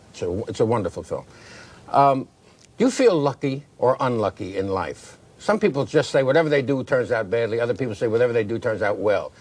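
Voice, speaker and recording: A man hosting a morning talk show, asking brisk questions. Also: medium pitch, a little mellow. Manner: brisk, quizzing.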